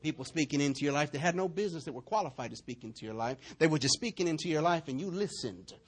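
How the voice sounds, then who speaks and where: A man preaching, his voice high for a man and full of swooping pitch. He swings between near-shouts and hushed asides as he tells his stories. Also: lively intonation, fast talker, breathy edge. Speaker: pastor. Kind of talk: sermon.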